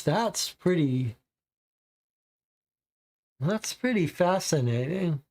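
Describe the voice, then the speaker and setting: A player reading a detective case aloud and then slowly musing over the clues, with long drawn-out pauses. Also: medium pitch, a little mellow.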